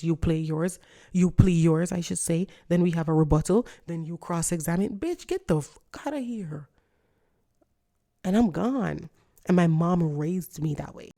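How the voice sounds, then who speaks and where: A woman's voice: lowish voice, dark tone, no room sound, clean studio sound. A woman in her thirties ranting to camera in a casual vlog, blunt and emphatic, with frequent swearing. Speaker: vlogger. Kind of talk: casual morning rant to camera.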